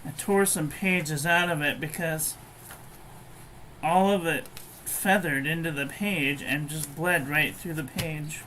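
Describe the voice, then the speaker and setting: A woman's voice: sits low, fairly even intonation, takes it slowly, fairly bright tone, a little hiss or hum, rough recording. A woman giving a casual, blunt and frankly profane review of pens and paper. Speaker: stationery reviewer.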